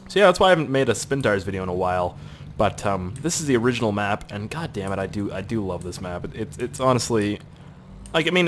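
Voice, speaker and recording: Young canadian dude chatting over a game, swears a ton, scratchy throat, bit of noise behind. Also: male voice, fairly low pitch. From Canada, Nova Scotia. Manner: rambling, crude, jokey, swears a lot; puts on silly voices for quoted people. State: throat irritated, coughing. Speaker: gaming video host. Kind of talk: casual gameplay commentary.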